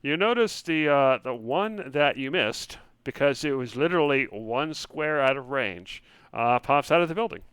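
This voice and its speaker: A man running a tabletop game as game master, relaxed and hesitant, with many fillers. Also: medium pitch, moderate pace, clear, resonant tone, dry recording.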